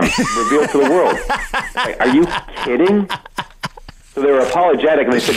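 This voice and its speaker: A middle-aged Canadian comedian with a Canadian accent, giving a dry, self-deprecating radio interview with many restarts. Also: male voice, medium pitch, animated, fairly quick, low-quality recording. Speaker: comedian guest.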